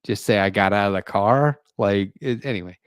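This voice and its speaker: A man's voice: fairly low pitch, normal speed, smooth, no echo. A middle-aged man telling a rambling, profane story in casual chat, laughing as he goes. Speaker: podcast host. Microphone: desk mic for a live stream.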